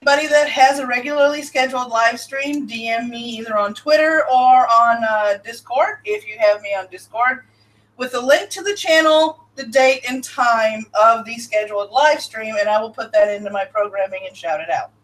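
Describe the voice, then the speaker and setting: A woman's voice: fairly high pitch, moderate pace, a bit bright, distant mic, rough recording. A woman hosting a casual live-stream show, chatting, laughing often and answering her chat.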